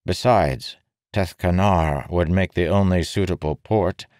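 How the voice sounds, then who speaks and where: A proud, suspicious nobleman who snaps and growls his curt answers, as a man puts him on. The voice stays deep and deliberate. It has the dry, close sound of a storybook reading. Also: a little mellow, no room sound. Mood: guarded. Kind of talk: audiobook character voice.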